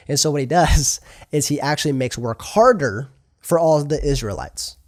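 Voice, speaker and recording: A young man preaching a sermon in a lively, conversational way, asking his listeners questions. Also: on the high side, moderate pace, no room sound, clean studio sound.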